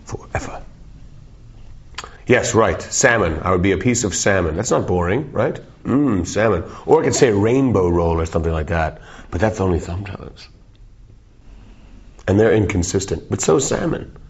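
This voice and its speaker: Deep-voiced man rambling goofily. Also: darkish tone, slightly rough. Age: 40s. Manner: goofy, wandering, self-interrupting. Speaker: musician interviewee. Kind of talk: rambling, joking interview answers. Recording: dull, lo-fi recording.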